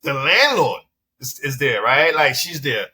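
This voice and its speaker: Speaking unhurriedly in a mid-range voice with big pitch swings, a pushed, bright tone and a breathy edge, this Bronx, New York business owner runs a dispensary and is a podcast guest. In a casual interview he narrates a story, voicing both sides and swearing freely.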